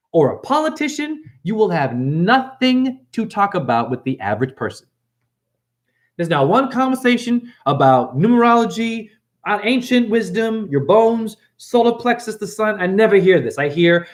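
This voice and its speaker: A man delivering a profane, rapid-fire rant as a self-styled spiritual teacher, arguing with imagined listeners. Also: fairly high pitch. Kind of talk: ranting monologue.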